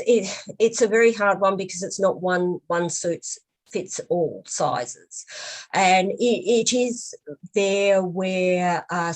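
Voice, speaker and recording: A woman's voice: mid-range voice, low-quality recording. A woman presenting a webinar who answers questions hesitantly, with frequent ums and restarts, and tells an anecdote.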